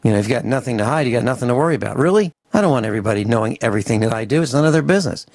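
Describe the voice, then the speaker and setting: A man hosting a radio talk show, ranting in an animated, grumbling way and acting out little mock dialogues. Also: medium pitch, racing, no echo. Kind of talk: opinionated radio talk and rant. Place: home studio on a farm. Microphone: studio microphone.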